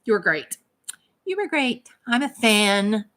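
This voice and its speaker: A woman's voice: on the high side, sing-song, slow, a bit bright. A Southern woman hosting a livestream, talking straight to commenters by name in an emphatic, indignant way. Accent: Southern American. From American South. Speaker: YouTube channel host reading live chat. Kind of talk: casual livestream chat.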